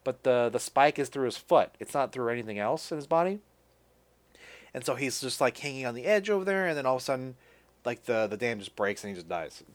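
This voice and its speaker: This podcast host has a brisk, expressive mid-range voice as he casually runs through a movie recap. He frequently starts over mid-sentence and swears offhandedly.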